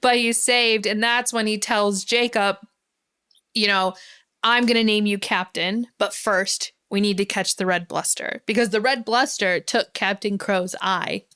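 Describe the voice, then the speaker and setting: A woman on a podcast retells a film's plot in loose, chatty talk. She giggles often and slips into quick paraphrases of what the characters say, at a pitch that sits in the middle for a woman. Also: fairly even intonation, sharp tone, clear, resonant tone. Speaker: podcast co-host. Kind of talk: casual film recap chat.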